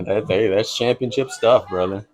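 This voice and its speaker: A man calling play-by-play for a high school football game, brisk and easygoing, chuckling now and then. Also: a crowd in the background, rough recording. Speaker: play-by-play announcer.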